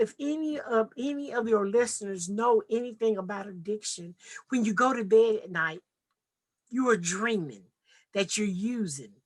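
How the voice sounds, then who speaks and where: A woman from Nashville giving an earnest, heartfelt personal testimony as a podcast guest. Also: mid-range voice. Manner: earnest, heartfelt, vivid retelling.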